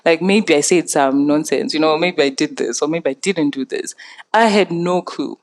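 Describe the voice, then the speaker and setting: A young adult woman telling a story in casual chat, animated and laughing often. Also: low voice, moderate pace. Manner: animated, laughs often, acts out quoted voices.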